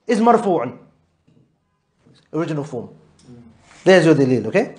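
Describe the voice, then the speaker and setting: A man's voice: a little high, big pitch swings, measured pace, darkish tone. A man teaching a live Arabic grammar class, patiently quizzing his students and mixing English with Arabic terms. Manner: patient, drills students with repeated questions.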